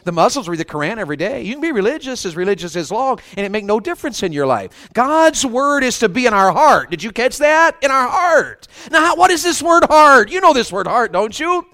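A man's voice: extremely high pitch, very animated, fairly quick, few pauses, pushed and bright, dry recording. A man with a Southern US accent preaching a fervent revival sermon, often putting questions to the congregation. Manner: fervent, asks the crowd questions.

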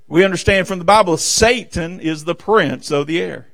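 A man preaching a sermon from the pulpit of a church, fervent and emphatic, swinging between loud declarations and hushed asides, repeatedly calling out "amen" and "listen.". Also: on the high side, normal speed, gravelly. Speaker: pastor. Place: church sanctuary.

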